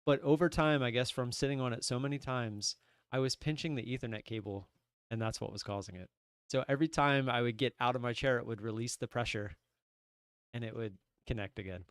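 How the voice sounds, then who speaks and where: A young man telling a rambling, animated story on his trading livestream from his desk at home. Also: medium pitch, fairly quick, clear, resonant tone, no room sound, clean studio sound. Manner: animated, rambling, many restarts and "I'm like". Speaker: livestream day trader. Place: home room at a computer desk.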